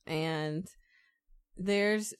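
A woman's voice: on the low side, extremely slow, clear, resonant tone. A young woman chatting casually with friends, laughing often and questioning the details of what was said. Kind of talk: casual chat.

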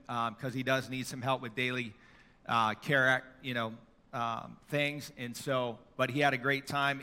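A man's voice: mid-range voice, sharp tone, in a large hall. A middle-aged man preaching a sermon in a church, telling stories in a conversational way with fillers.

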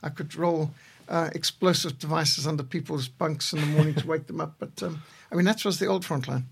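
A man in his sixties, co-host of a podcast, telling measured stories with a dry humor. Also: a little high, steady tone, creaky, slightly rough. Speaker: podcast co-host, missionary leader. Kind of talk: reflective conversation.

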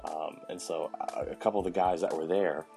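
A man hosting a podcast as a chef, telling animated stories in casual chat, swearing and acting out other people's voices. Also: sits low, fairly quick, soft background music.

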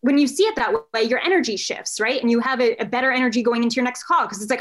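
A woman's voice: a little high, rapid-fire. A woman coach who works with men, talking candidly in a casual podcast conversation and swearing often.

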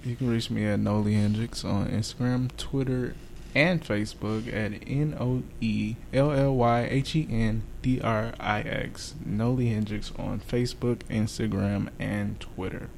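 Gravelly young man joking on a podcast. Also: fairly low pitch, steady tone, measured pace, darkish tone, a little hiss or hum. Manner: joking, teasing banter. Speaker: podcast co-host. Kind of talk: casual chat.

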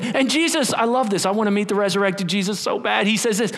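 A man's voice: extremely high pitch, animated, fast talker, hardly any pauses, a bit bright. A middle-aged male pastor preaching a sermon, telling the story with acted-out voices and sudden drops to a whisper.

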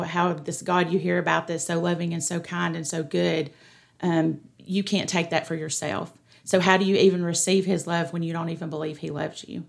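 Low, gravelly woman testifying. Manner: earnest, steady storytelling. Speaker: pastor, guest. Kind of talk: personal testimony on a podcast.

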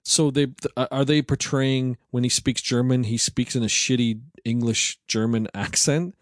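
A man's voice: medium pitch, steady tone, moderate pace, dry recording, clean studio sound. A man co-hosting a casual movie review chat, rambling and sarcastic, swearing freely as he picks apart plot holes. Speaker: podcast co-host.

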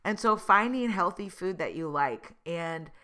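A woman's voice: fairly low pitch, lively intonation, unhurried, bright, forceful tone. A woman, hosting an upbeat, chatty motivational podcast monologue full of asides. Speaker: podcast host.

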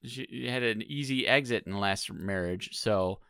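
A man's voice: on the low side, normal speed, smooth, dry recording, studio quality. A man co-hosting a podcast, recapping a reality show in casual, sarcastic chat. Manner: sarcastic, jokey, animated. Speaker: podcast co-host.

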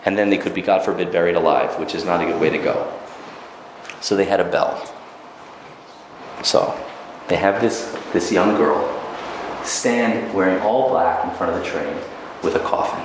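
Lively, dramatic male storyteller-teacher. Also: fairly low pitch, slight background noise. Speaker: religious teacher. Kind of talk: animated storytelling lecture. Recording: very echoey room, faint ambience.

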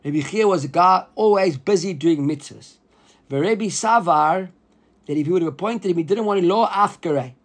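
A man teaching a Talmud class, explaining the text in an animated way and acting out the rabbis he quotes. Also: sits high, moderate pace. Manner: mixes Hebrew and Aramaic terms into English.

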